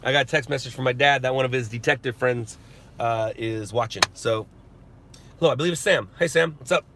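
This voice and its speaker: A man's voice: mid-range voice, brisk, noisy background. A man working as a news stringer, chatting and joking with live-stream viewers from inside a parked car, talking into his phone. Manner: joking, chatty, laughs often. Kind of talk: casual live-stream chat.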